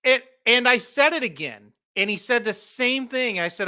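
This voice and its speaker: A man's voice: high voice, sing-song, moderate pace, hardly any pauses, sharp tone. A man co-hosting a podcast, telling stories in a dry, emphatic way. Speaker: podcast co-host. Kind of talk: casual chat.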